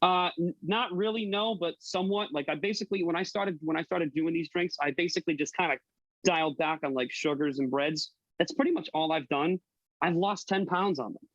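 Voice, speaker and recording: A man's voice: on the high side, brisk, fairly bright tone, no echo, lo-fi sound. A man who laughs often and swears freely in casual chat. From New England. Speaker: guest, TikTok cook.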